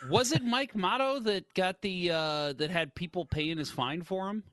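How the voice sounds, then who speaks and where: A man's voice: high-pitched, moderate pace. A man co-hosting a casual hockey podcast, swearing freely and acting out his rants. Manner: animated, swearing, acts out rants. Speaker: podcast co-host.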